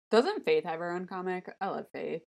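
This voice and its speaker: A woman co-hosting a podcast in casual chat, animated, swearing freely and laughing often. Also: lowish voice, vocal fry. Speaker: podcast co-host.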